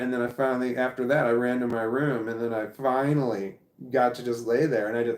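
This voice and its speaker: A man tells a story from his own life in a loose, rambling way. He restarts sentences often and swears as he goes. His voice has a middling pitch and rings in an echoey room. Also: a little mellow. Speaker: vlogger. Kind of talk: personal storytelling.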